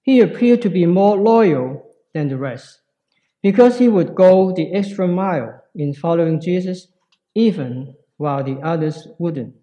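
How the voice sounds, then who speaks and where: A man preaching a sermon in a slow, reflective way with pauses. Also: a little high, expressive, mellow, dull audio.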